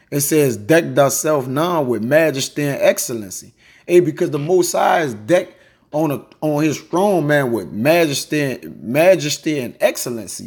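A husky, slightly high-pitched man gives an informal Bible lesson. He reads scripture aloud and keeps dropping "man" and "all right" between phrases. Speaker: Bible teacher.

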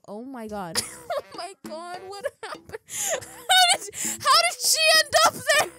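A young woman hosting a reaction video, casually chatting, excitable, laughing often and exclaiming loudly. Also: very high-pitched, unhurried, long pauses, over music.

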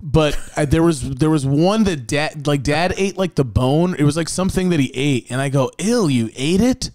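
A man's voice: a little high, normal speed, a little mellow, no room sound, clean studio sound. A young man, a podcast host telling family stories in a laid-back, casual way.

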